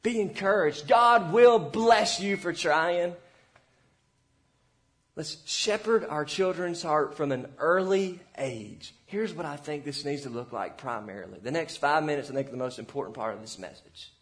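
A young pastor with a notably high voice delivers an earnest sermon to parents. He urges and exhorts, then drops to quiet, almost hushed asides before rising again. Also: animated, normal speed, hardly any pauses.

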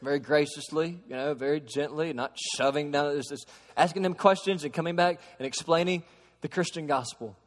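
Man, sermon, hushed then emphatic preaching, high-pitched voice, long hall echo. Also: a little fast. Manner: swings from hushed storytelling to raised, emphatic preaching. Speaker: pastor.

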